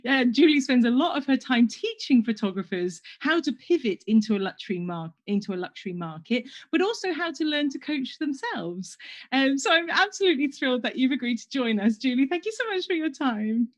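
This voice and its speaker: High-voiced English woman podcast host. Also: big pitch swings, brisk. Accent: Southern English. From south of England. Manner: chatty, laughs often. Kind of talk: casual interview chat.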